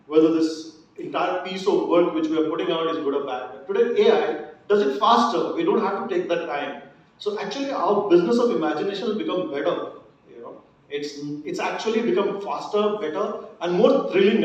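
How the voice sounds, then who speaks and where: A man's voice: high-pitched, a little mellow. A man, sharing reflective thoughts on a conference panel. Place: large hall. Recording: echoey hall, distant dull mic.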